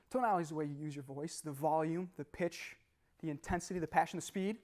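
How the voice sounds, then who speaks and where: Lively young man giving a seminar talk. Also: fairly high pitch, a little fast, pauses often. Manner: animated, laughing, quizzing the audience. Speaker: motivational speaker. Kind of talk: live seminar talk to an audience.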